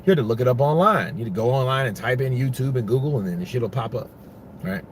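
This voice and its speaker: A man's voice: medium pitch, animated, fast, slight background noise. A man giving casual, rambling boxing commentary, full of profanity and restarts.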